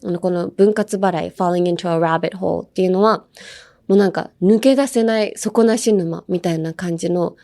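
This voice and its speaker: A woman's voice: lowish voice, quick pace, warm tone. A young woman hosting a casual English lesson podcast, explaining phrases in a chatty, playful way full of fillers, switching at times into Japanese. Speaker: English teacher host.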